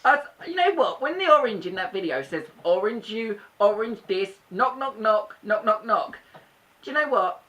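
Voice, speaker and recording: A cheeky purple puppet, put on by a performer, all crude jokes and mockery. The voice is bright and bouncy, rising and falling a lot. It sits a little away from the mic. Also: female voice, medium pitch, animated, moderate pace, far from the mic, close to an everyday voice. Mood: mocking. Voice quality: brash, mocking, crude jokes. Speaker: guest co-host. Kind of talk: comedic puppet banter.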